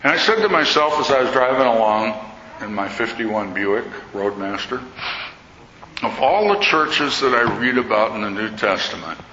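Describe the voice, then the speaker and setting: Older priest man telling church stories, bright forceful voice, echoey hall, kinda dull sound. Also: medium pitch, normal speed, a little hiss or hum. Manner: storytelling, animated quoting of others. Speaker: Orthodox priest. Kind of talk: sermon-style talk.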